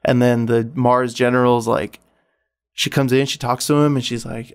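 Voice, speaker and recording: A man's voice: medium pitch, flat delivery, moderate pace, clean tone. Rambling, profane male podcast host. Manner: rambling, profane retelling full of "like". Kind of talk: casual chat.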